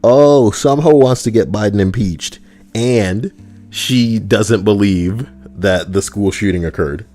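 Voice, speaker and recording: A man's voice: fairly low pitch, takes it slowly, mellow, faint music behind. A man hosting a livestream, reading posts aloud and riffing on them with crude, sarcastic commentary into a close desk mic. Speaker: livestream host.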